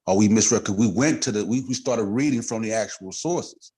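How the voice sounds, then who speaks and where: A man, co-hosting a podcast and pushing back in a halting way during a heated group discussion. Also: fairly low pitch, a little mellow, slightly rough. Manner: halting, stumbles over his words. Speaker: podcast co-host.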